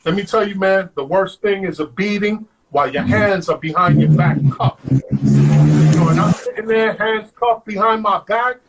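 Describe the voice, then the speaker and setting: A man, a guest on an interview show, telling stories in an animated way, acting out quotes and saying "man" all the time. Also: high-pitched, measured pace, gravelly, noisy background. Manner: animated, acts out quotes, says "man" constantly. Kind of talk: storytelling.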